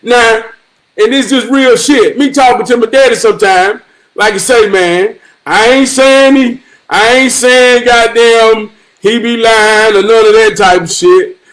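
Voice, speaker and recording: A man telling a family story in a profane, animated storytelling vlog, swearing freely. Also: extremely high pitch, unhurried, low-quality recording. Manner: animated, swearing freely, repeating himself for emphasis. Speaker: vlogger.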